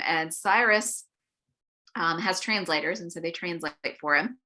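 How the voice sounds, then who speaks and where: A woman's voice: fairly low pitch, a little slow, sharp tone. A woman leading an adult Bible study, telling a story in a chatty way with many fillers and acted-out quotes. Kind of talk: adult-forum Bible lesson. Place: church meeting room.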